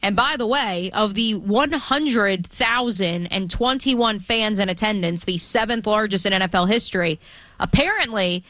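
A woman's voice: medium pitch, normal speed, sharp tone, no room sound. A woman co-hosting a sports radio show, chatting casually and playfully, often trailing off and restarting her sentences.

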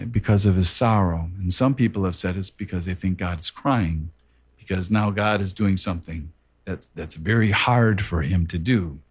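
A man preaching a sermon in an earnest, measured way, repeating words for emphasis. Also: lowish voice, darkish tone, slightly rough.

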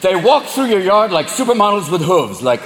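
Animated profane stand-up comedian. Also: male voice, high-pitched, very noisy. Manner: profane, animated, rapid voices. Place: comedy club stage. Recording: echoey club with loud crowd laughter.

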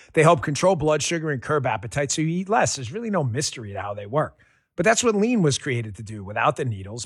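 A man's voice: medium pitch, husky, dry recording, studio quality. A man reading a personal testimonial ad on the radio in a folksy, enthusiastic, conversational way.

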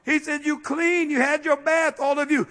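A man preaching a sermon as a bishop, with fiery call-and-response delivery that breaks into shouts at its peaks. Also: extremely high pitch, flat delivery, normal speed. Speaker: bishop and pastor.

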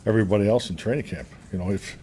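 A head coach answers the media, his low, mellow voice moving at an unhurried, matter-of-fact pace. He breaks off and repeats words as he gathers his thoughts. Faint background noise hangs behind the press-room recording. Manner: halting, repeats words as he restarts.

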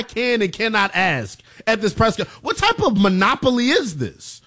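A man co-hosting a sports talk show, arguing his point in an animated, incredulous way. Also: high-pitched, moderate pace. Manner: animated and incredulous, rising to near shouts. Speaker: co-host.

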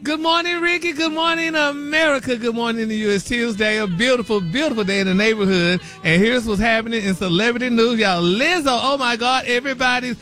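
A man's voice: very high-pitched, a little fast, few pauses, bright, forceful tone, faint music behind. A man delivering a sassy celebrity gossip segment on a radio morning show, calling everyone honey and baby and laughing often. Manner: flamboyant, sassy, laughs a lot, calls people honey and baby.

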